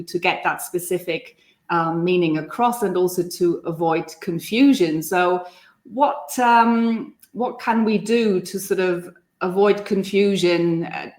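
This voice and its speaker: Unhurried woman, low voice, echoey room. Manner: measured, explains with example phrases. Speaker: German language coach. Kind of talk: casual online discussion.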